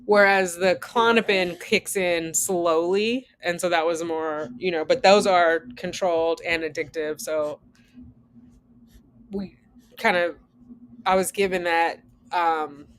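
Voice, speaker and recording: A woman in her forties telling a candid story to her viewers in a casual chat, animated, switching between loud outbursts and hushed asides. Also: fairly low pitch, takes it slowly. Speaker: vlogger and new mother.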